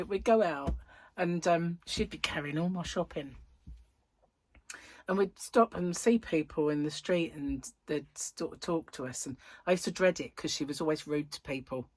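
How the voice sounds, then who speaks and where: A middle-aged woman with a husky voice, hosting a rambling, casual chat and telling anecdotes with frequent laughs. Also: deep voice. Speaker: host.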